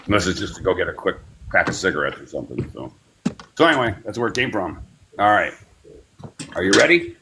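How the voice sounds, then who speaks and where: Low-voiced man guiding a breathing class. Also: expressive, background noise. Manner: meandering, unhurried talk with many fillers; slow, soothing breathing cues. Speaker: spiritual class leader. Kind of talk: guided breathing meditation class.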